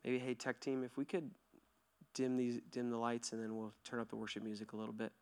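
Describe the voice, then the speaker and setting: A pastor in his thirties giving a sermon to his church, lively and joking at first, then soft and hushed as he leads a quiet prayer. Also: medium pitch, brisk, smooth. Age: 30s. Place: church hall.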